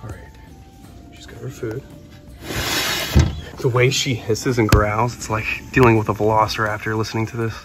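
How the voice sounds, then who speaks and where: A man hosting a casual vlog, cheerfully narrating as he feeds and cleans snakes, talking to the animals and dropping to a hush when close to them. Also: lowish voice, level tone, moderate pace, pauses often, over loud music. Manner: upbeat, talks to the animals, drops to a hush near them. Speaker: reptile keeper and show host.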